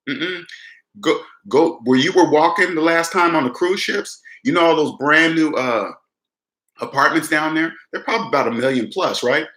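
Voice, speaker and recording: A young man who runs a personal finance vlog talks casually to camera about money, with a mid-range voice and bright tone. He is conversational, repeats phrases, and calls the listener "man," while the room gives a roomy echo.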